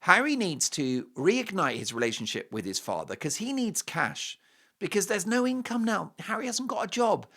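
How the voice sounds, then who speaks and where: A man's voice: medium pitch, vocal fry, fairly bright tone. A middle-aged man from Britain with a British accent, hosting a talk show with an opinionated monologue full of mocking, jokey asides. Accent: British English.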